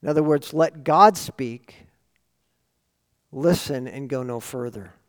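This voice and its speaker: A pastor preaching a sermon to his congregation, building emphasis with sudden loud swells on key words. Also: medium pitch, slow pace. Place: church sanctuary. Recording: long hall reverb.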